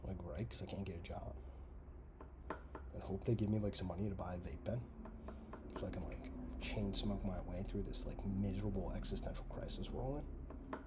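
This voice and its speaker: A man hosting a comedy commentary show, ranting sarcastically and swearing constantly, swinging between loud outbursts and mutters. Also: lowish voice, expressive, brisk, noisy background. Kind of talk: profane comedic rant.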